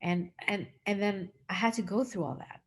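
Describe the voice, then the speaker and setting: A woman's voice: mid-range voice, steady tone, normal speed, breathy edge. A woman hosting an interview, telling her own story in a loose, rambling way with lots of fillers and acted-out quotes. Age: adult with a young daughter. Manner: rambling, heavy use of "like" and "um"; acts out quoted dialogue. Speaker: host sharing her own experience.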